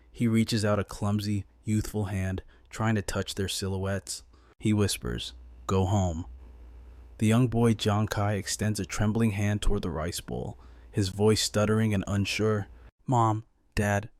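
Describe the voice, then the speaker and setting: A male narrator tells a comic recap in a measured, dramatic way. His voice sits low and sounds close and dry, with no room echo. Tense moments are drawn out slowly. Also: a little mellow.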